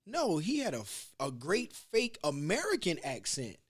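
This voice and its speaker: A man's voice: a little high, wildly swooping pitch, measured pace, husky. A man hosting a podcast, telling rambling, profane stories in casual chat. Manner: rambling storyteller, loose and profane. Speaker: podcast host.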